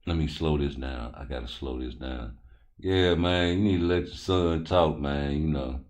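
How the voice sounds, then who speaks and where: A man's voice: rumbling low, normal speed, darkish tone. A man hosting a boxing talk show, talking loosely with lots of cursing and joking.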